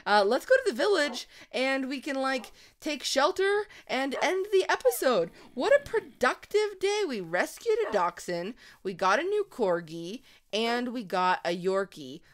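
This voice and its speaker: A woman hosting a let's-play, chatting casually through her game and talking sweetly to her in-game pets, with sudden excited shrieks. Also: high voice, measured pace, hardly any pauses. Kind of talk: casual gameplay commentary.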